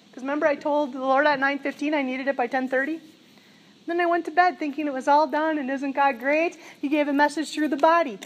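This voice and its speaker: A middle-aged woman delivers a sermon in a high, bright voice. She tells her story with animated energy and breaks into laughter along the way. Her delivery feels like an excited testimony shared with a congregation. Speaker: preacher.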